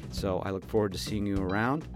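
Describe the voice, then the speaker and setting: Laid-back male host, lowish voice, chatty and rambling, faint guitar underneath. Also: a little fast. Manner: easygoing, rambling. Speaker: podcast host. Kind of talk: casual chat.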